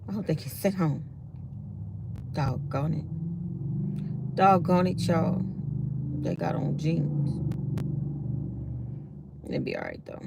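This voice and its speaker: This woman's voice sits low and creaky, with background noise behind it. A vlogger nursing a sore mouth after dental work, she chats casually with viewers, telling stories and saying exactly what she thinks.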